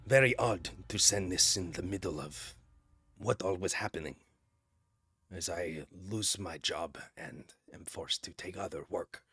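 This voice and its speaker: A man voicing a laid-back male dragonborn warrior who speaks low, quiet and deadpan. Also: moderate pace, husky, no echo, heavily acted.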